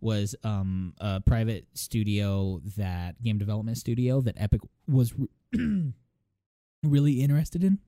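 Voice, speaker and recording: A man co-hosting a casual gaming podcast, animated and quick to laugh, with a dry, coughing voice. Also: fairly low pitch, dry recording. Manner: animated storyteller, laughs often. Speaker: podcast co-host.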